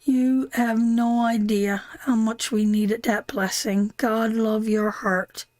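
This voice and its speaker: A woman's voice: fairly high pitch, flat delivery, takes it slowly, hardly any pauses, darkish tone, no echo. A middle-aged woman from Canada giving a live tarot reading, emotional and heartfelt, repeating phrases for emphasis. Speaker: tarot reader hosting a live stream.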